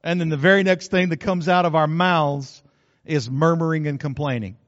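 A man's voice: fairly high pitch, steady tone, moderate pace, fairly bright tone, long reverb tail, highs cut off. A male pastor preaching a sermon, folksy and joking, with frequent asides to the congregation.

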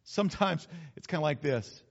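Male pastor, high-pitched, chatty folksy sermon delivery, slightly dull recording. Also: animated, normal speed, gravelly. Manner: folksy, conversational preaching with acted asides.

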